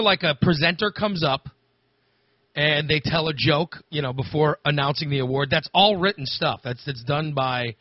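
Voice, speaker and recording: A male radio show host, excitable and teasing, running a comedic talk show. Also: on the high side, no room sound. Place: radio studio. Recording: slightly dull studio audio with faint music.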